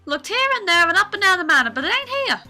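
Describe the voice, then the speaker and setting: A woman plays a brassy young photographer from a game who hollers in a folksy country drawl. The voice sits very high and bright, cutting and excitable. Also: brisk, faint music behind, heavily acted. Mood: shouting.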